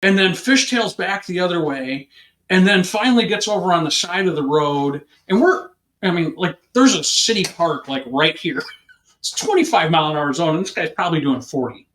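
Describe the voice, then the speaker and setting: Here the officer's voice is high and his pace normal, with a roomy acoustic and a faint hiss or hum underneath. He's relaxed in the interview, animatedly recounting an anecdote and voicing the people involved.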